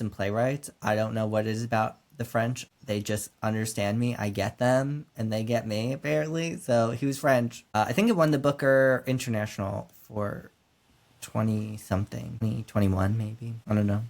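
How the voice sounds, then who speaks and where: Man, mid pitch, relaxed casual chat, book podcast co-host. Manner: relaxed, lots of "like" fillers.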